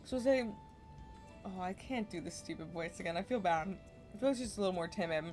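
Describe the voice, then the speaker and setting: A woman giving casual, relaxed commentary while playing a farming video game, chatty and self-deprecating, with small muttered asides. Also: on the low side, brisk, soft background music. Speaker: gaming streamer.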